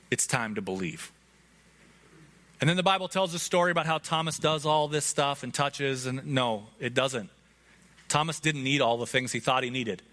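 A man's voice: medium pitch, bright, forceful tone. A man preaching an Easter sermon as pastor, in an earnest, conversational way, speaking directly to his congregation. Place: church hall before a congregation.

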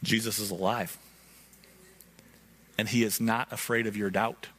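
A man's voice: on the low side, little pitch movement, measured pace, a bit bright. A man preaching an Easter sermon as pastor, in an earnest, conversational way, speaking directly to his congregation. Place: church hall before a congregation.

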